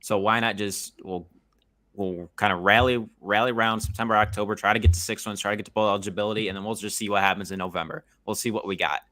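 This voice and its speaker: A man appearing as a guest on a sports podcast, talking in a measured way and thinking aloud with lots of fillers. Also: fairly low pitch, steady tone, pushed and bright, no room sound, clean studio sound. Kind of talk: casual sports podcast chat.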